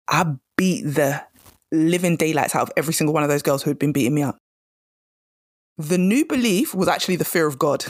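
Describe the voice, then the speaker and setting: A woman's voice: low-pitched, no room sound, studio quality. A woman hosting a solo podcast on career change, telling a personal story in a candid, emphatic way and repeating herself for stress.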